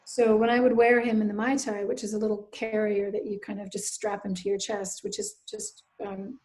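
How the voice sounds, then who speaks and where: A middle-aged woman from Nova Scotia, a writer speaking as a guest, telling a personal story in an earnest, reflective way that often drops into soft asides. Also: medium pitch, level tone, moderate pace. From Nova Scotia, Canada.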